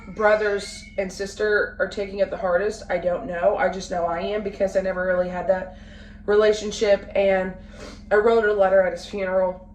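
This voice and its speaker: A woman in her late twenties, a family vlogger talking casually to the camera at home, halting and full of fillers and restarts. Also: medium pitch, flat delivery, a little mellow. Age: late 20s. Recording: roomy, from a distance, faint background noise.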